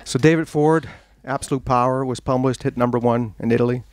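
A man's voice: medium pitch, a little fast, dry recording. A man, an author, telling humorous stories to an audience at a bookstore event, acting out the voices of the people in his tales. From United States. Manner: animated, acts out quoted voices, self-deprecating jokes. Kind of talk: humorous storytelling talk.

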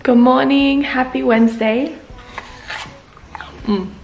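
A woman's voice: sits high, steady tone, slow, gravelly, darkish tone, soft background music. A young woman, chatting casually to camera in a vlog, giggly and full of "like" and "literally". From Australia. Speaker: vlogger.

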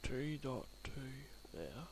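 A man's voice: medium pitch, big pitch swings, slow, a little mellow. A young Australian man giving a chatty, rambling commentary while he plays a game, talking to the pets in it as he builds. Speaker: gaming channel host. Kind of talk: let's play commentary. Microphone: desk mic that picks up the room. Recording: noisy home recording.

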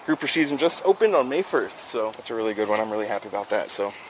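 A man's voice: fairly low pitch, animated, fast, slight background noise. A man hosting a fishing livestream, chatting casually with viewers while he works. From South Florida. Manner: upbeat, chatty, talks to chat while working. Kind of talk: casual live-stream instruction. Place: outdoors.

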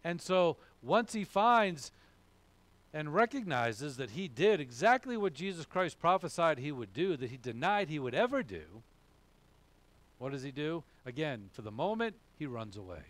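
A man's voice: a little high, sing-song, moderate pace, no echo. A male pastor preaching a sermon, repeating key phrases and chuckling as he goes.

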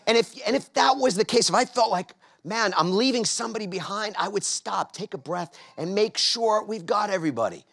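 A man's voice: high-pitched, lively intonation, brisk, creaky, hardly any pauses, fairly bright tone, husky. A middle-aged man from New York gives a motivational talk to a live audience, coaxing them to answer back. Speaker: speaker.

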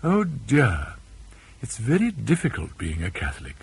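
A man puts on a whimsical young aristocratic student in a storybook reading, light and teasing with a petulant streak. The voice is husky, and the pitch sits in a middling register. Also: wildly swooping pitch, unhurried, exaggerated voice.

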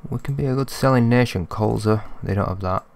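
A young man giving chatty let's-play commentary, thinking aloud and getting excitable. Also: mid-range voice, brisk, creaky. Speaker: gaming commentator.

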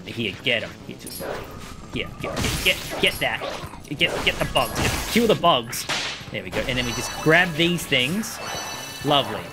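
Animated man with game music behind. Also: medium pitch. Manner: excitable, rambling. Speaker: let's play host. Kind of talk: gameplay commentary.

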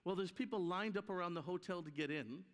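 Speaking quickly in a voice that sits high, a male conference speaker from Canada delivers a storytelling sermon. He's animated, performing the voices of the people he quotes, while hall reverb echoes around him.

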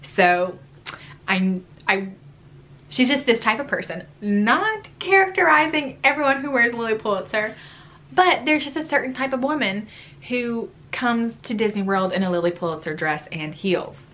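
A woman's voice: a little high, animated, normal speed, fairly bright tone. A young adult woman vlogger telling a story in a casual, chatty way, full of "like". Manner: chatty, fillers like "like" throughout.

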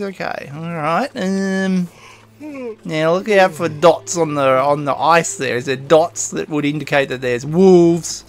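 A man with a slightly high, gravelly voice talks his way through a survival game. He rambles, mutters to himself and chuckles as he goes, in the easy style of a let's-play host. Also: unhurried. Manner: rambling, self-talking, chuckles often. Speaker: gaming host. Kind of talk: casual let's-play commentary.

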